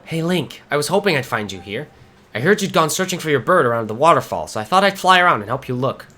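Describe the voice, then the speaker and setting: A man reading aloud the lines of a cheerful, earnest young girl companion from a game, in a gentle, encouraging way. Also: on the high side, very animated, quick pace, exaggerated voice.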